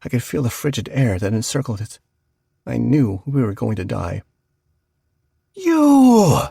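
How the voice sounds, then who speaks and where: A man narrating a horror audiobook, slowing down for the tense moments. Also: lowish voice, creaky, mellow, slightly rough, no room sound, clean studio sound.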